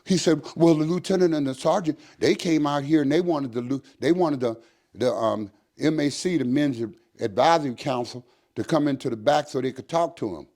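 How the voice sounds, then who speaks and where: His voice on the high side and his speed normal, an older retired prison captain is being interviewed. He tells a story with animation, performing the quoted dialogue in the voices of the people involved.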